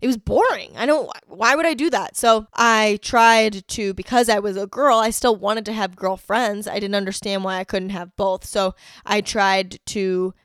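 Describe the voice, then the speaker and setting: A woman hosting a podcast, telling personal stories in a frank, profane way, moving from quiet reflection to heated outbursts. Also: medium pitch, steady tone, moderate pace, few pauses, clear, resonant tone, no echo, studio quality. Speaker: podcast host. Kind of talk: candid personal storytelling.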